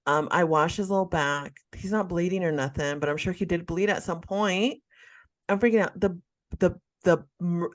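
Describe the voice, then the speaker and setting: A woman podcast co-host telling a story in a dramatic, animated way during casual chat. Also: on the low side.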